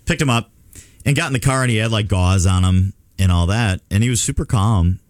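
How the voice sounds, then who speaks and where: Deep-voiced male radio host. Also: a little fast, no room sound. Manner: storytelling, animated retelling. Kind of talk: casual chat. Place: radio studio.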